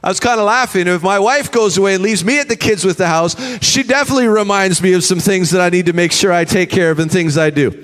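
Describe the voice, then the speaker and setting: Man, pastor, sermon, emphatic call-and-response, high voice, long church-hall reverb. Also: fast talker, few pauses, a bit bright.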